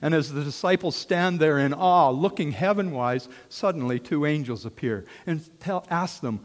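A man preaching with a fairly high voice, telling the story with dramatic swings from hushed near-whispers to excited shouts. His voice rings through a large hall with a long reverb tail. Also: moderate pace, few pauses. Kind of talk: sermon storytelling.

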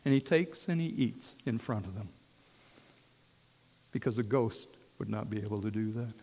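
A man preaching a sermon as a story, swinging from hushed tones to shouts. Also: fairly low pitch, expressive, normal speed. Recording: long hall reverb.

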